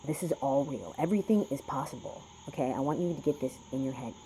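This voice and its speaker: A man's voice: mid-range voice, expressive, fast, warm tone, slight background noise, poor audio. A man rambling through a spiritual card reading, swearing often and lecturing his listeners. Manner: profane, preachy, talks to himself. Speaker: spiritual vlogger doing a reading.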